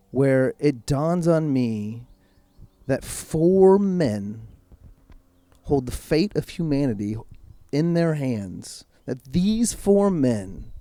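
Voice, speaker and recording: A man speaking as a podcast guest, telling a personal story in a frank, casual way and swearing freely, slowing right down when he wants to stress a point. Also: mid-range voice, dark tone, no echo. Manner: slows right down for emphasis. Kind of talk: candid personal storytelling in conversation.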